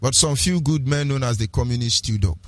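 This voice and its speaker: A man's voice: mid-range voice, fairly quick, no echo. A man with a Nigerian accent, delivering an impassioned, preachy political radio talk with repeated rhetorical phrases and lapses into pidgin. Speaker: radio broadcaster.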